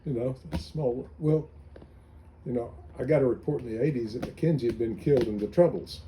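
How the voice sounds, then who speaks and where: A man's voice: mid-range voice, brisk, warm tone, slight background noise, low-quality recording. An older man, a veteran, recalling his army days in an oral history interview, telling anecdotes with many restarts. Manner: rambling anecdotal storytelling with restarts.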